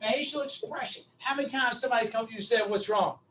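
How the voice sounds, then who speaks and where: A man's voice: extremely high pitch, quick pace, bright, forceful tone, recorded from a distance. A middle-aged man, coaching on public speaking in an emphatic, repetitive, punchy style over a video call. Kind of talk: animated coaching talk.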